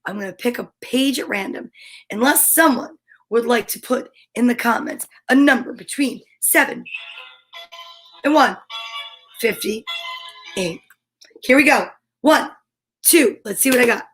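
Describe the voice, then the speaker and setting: A woman's voice: fairly high pitch, unhurried, long pauses, soft background music. A woman hosting a casual live stream from home, chatting playfully and reading viewer comments aloud.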